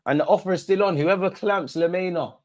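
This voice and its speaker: A young man hosting a football watch-along, reacting live to the match in a slangy, excitable way and pleading with the players. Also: high-pitched, a little fast. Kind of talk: live reactive commentary to viewers.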